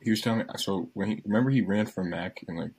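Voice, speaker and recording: A man's voice: fairly low pitch, fast, breathy edge, poor audio. A teenage young man telling a story to friends, acting out what everyone said. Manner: animated storyteller, acts out quotes.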